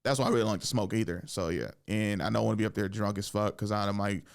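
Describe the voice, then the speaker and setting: A young man hosting a podcast, telling a casual comedy story, swearing freely and jumping into high voices when he acts out what people said. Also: quick pace, creaky, smooth. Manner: animated, swears often, acts out quotes with big pitch jumps. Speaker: podcast host and stand-up comedian.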